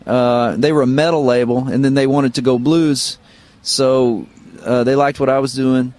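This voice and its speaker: A middle-aged man from Missouri, a guitarist guest, telling relaxed, rambling stories full of fillers in an interview. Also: mid-range voice, normal speed, dry recording. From Missouri, United States. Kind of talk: casual interview storytelling. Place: radio studio.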